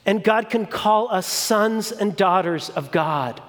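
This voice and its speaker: Brief: male preacher with a high voice, delivering an unhurried, emphatic sermon, long hall reverb. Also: fairly bright tone. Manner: deliberate, emphatic, with repeated phrases.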